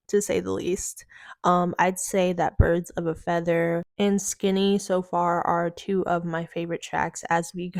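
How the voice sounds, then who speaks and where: Low-voiced woman with a slight lisp. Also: a little mellow, no room sound, studio quality. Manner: chatty, many fillers like "like" and "um". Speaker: music reviewer. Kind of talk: casual album review commentary.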